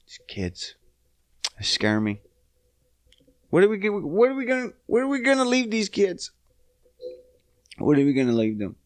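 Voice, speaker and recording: A man in his thirties hosting a podcast, ranting casually and cursing as he swings between loud outbursts and low mutters. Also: wildly swooping pitch, normal speed, pauses often, no echo. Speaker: podcast host.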